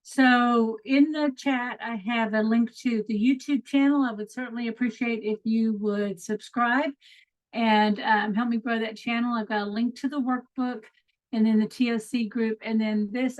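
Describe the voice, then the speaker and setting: A woman's voice: on the high side, fairly even intonation, normal speed. A middle-aged woman from Texas with a Texan accent, hosting an upbeat, chatty online coaching call with easy fillers. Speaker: host. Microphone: video call. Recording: lo-fi video call audio.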